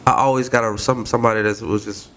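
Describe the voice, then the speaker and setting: A man's voice: fairly low pitch, fairly even intonation, fast talker, a bit bright, a little hiss or hum. Laid-back man, blunt casual talk. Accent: South Florida. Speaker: podcast co-host. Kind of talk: casual chat.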